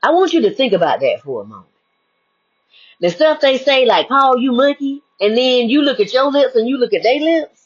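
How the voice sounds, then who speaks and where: A woman's voice: on the high side, big pitch swings, a little fast, slightly rough, highs cut off. A woman speaking as a spiritual life coach in an emphatic, preachy monologue that repeats its key phrases.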